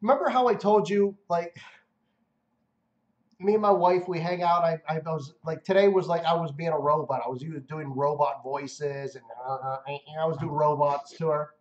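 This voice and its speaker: A man with a rather high voice chats loosely on a live stream. He rambles through crude stories, restarting his sentences often. The sound is roomy and a little dull. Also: normal speed. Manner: rambling, jokey storytelling with many restarts. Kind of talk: casual live stream chat.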